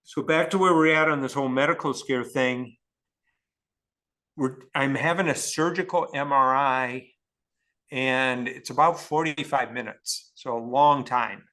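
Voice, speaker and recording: A man's voice: mid-range voice, measured pace, pushed and bright. A man as a podcast guest telling an emotional personal story in an earnest way, often restarting his sentences.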